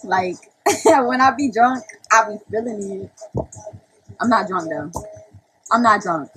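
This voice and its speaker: A woman's voice: medium pitch, animated, takes it slowly, fairly bright tone, slight background noise, poor audio. A young woman chatting on a live stream to her viewers, brash and profane, laughing often. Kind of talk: casual livestream chat to viewers.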